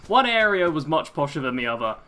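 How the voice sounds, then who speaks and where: A man's voice: fairly high pitch, very animated, quick pace, bright, forceful tone. A young man with an English accent that drifts between posh and street, chatting through a live game stream, reading out chat messages and laughing easily. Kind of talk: live gameplay commentary.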